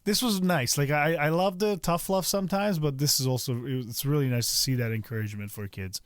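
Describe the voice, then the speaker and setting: A middle-aged man hosting a podcast, talking in a relaxed, somewhat hesitant way and filling pauses with "uh" and "like". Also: medium pitch, clean tone, no room sound, studio quality. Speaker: podcast host. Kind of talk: casual podcast conversation.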